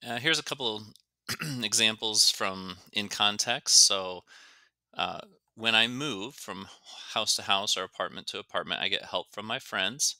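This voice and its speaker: A man's voice: fairly low pitch, sharp tone, no room sound. A man teaching an English lesson, explaining grammar and carefully stretching out words to show their pronunciation. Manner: slow, careful, demonstrates words by stretching them out.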